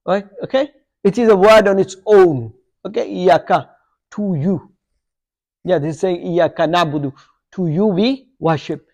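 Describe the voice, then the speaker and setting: Guy with a high voice teaching a class, keeps asking the students questions, says okay? yeah? a lot. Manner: quizzes students, checks with frequent "okay?" and "yeah?"; corrects his own slips aloud. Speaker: Arabic teacher. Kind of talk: live classroom grammar lesson.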